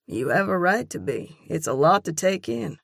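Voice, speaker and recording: A woman's voice: lowish voice, normal speed, vocal fry, no room sound, studio quality, exaggerated voice. Woman doing an easygoing teasing young man. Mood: teasing, calm. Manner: even, wry drawl. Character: man, warm easygoing teasing love interest.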